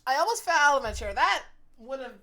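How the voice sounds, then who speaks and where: A woman streamer from the United States talks casually to her viewers in a bright, lively voice that swoops up and down. She rambles and keeps cutting herself off mid-sentence. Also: high-pitched, brisk. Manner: rambling, self-interrupting, chatty with viewers. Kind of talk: casual live-stream chat.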